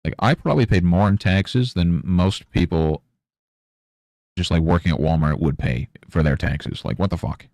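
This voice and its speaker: Gravelly deep-voiced rambling young man. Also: moderate pace, a little mellow, no room sound, clean studio sound. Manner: rambling, sarcastic, mocks imagined interviewers in high voices. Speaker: streamer. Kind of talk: casual chat while painting.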